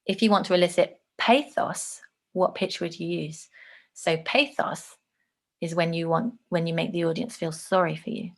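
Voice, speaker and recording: In her online lesson about delivering speeches, a woman with a lowish voice and steady tone speaks at a moderate pace. She demonstrates phrases clearly, varying the intonation.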